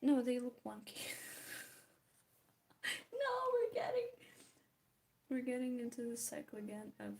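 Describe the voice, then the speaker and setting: Woman art vlogger, slightly high mellow voice, self-mocking chatter with drops into whispers. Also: level tone, brisk, gravelly. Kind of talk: casual chat while painting.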